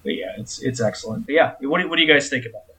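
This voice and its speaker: A man's voice: medium pitch, expressive, very fast, sharp tone, breathy edge. A man in his thirties co-hosting a casual round-table podcast, joking and teasing. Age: 30s. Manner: jokey, teasing. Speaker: podcast co-host.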